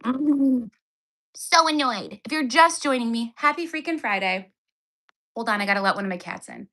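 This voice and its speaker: A woman in her thirties chats through a phone livestream at home with a high, bright voice. She sounds exasperated and keeps up a running sarcastic commentary. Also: animated, normal speed. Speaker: livestream host. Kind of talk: casual livestream unboxing. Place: home, indoors.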